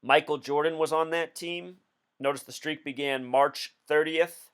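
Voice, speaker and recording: A man's voice: on the high side, steady tone, measured pace, clean tone. A man hosting a video, talking through a casual commentary in an insistent, explanatory way. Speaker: video host.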